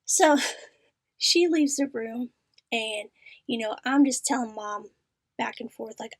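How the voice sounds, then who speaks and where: Woman, middle-aged, high voice, animated storytelling, hushed asides, dry close sound. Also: measured pace, husky, no room sound. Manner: animated, often dropping to a whisper. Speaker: podcast host. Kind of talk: casual storytelling.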